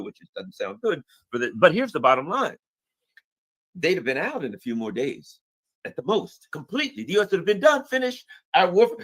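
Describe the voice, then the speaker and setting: A man's voice: on the high side, a bit bright. A man rambling through political commentary with many restarts.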